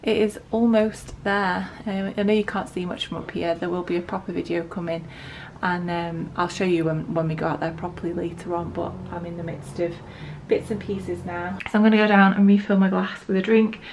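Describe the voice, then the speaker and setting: A woman's voice: on the low side, level tone, a little fast, a little mellow, a little hiss or hum. A young woman chatting casually in a home vlog, rambling with lots of fillers, at times out of breath. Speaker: vlogger. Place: home, indoors.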